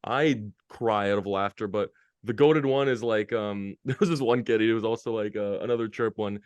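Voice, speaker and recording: Guest, male, low-ish smooth voice, dry close sound, upbeat slangy storyteller. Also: moderate pace, dry recording. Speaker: guest, hockey media interviewer. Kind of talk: casual podcast chat.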